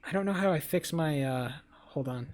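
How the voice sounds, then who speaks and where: A livestreamer in a blunt, profane chat with viewers on a low-set desk mic at a home setup. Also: normal speed. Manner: flares into loud yelling rants. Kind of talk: casual live-stream chat. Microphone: desk microphone, sounds low.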